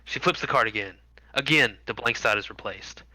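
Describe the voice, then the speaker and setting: Crisp-voiced man narrating as game master. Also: medium pitch, normal speed, pushed and bright, dry recording, low-quality recording. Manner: vivid description with frequent fillers. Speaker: dungeon master.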